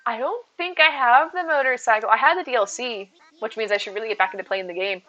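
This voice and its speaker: Woman streamer rambling to chat, bright tense voice, a bit high, kinda dull audio, faint music. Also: fast talker. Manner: chatty, rambling, answers chat aloud. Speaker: live streamer. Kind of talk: casual live-stream chat.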